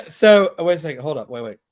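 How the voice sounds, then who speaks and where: Southern man hosting a casual podcast. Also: a little high. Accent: Southern US, Alabama. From Mobile, Alabama, US. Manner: animated, laughing, quick asides. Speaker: podcast host. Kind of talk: casual chat, storytelling.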